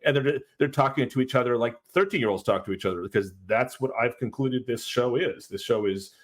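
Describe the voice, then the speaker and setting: A man's voice: medium pitch, brisk. Blunt mocking podcast man. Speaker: podcast co-host. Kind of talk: casual review chat.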